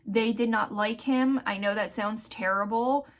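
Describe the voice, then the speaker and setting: A woman vlogger telling a personal story in a candid, heartfelt way, often pausing to search for words. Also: on the high side, steady tone. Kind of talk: casual storytelling vlog.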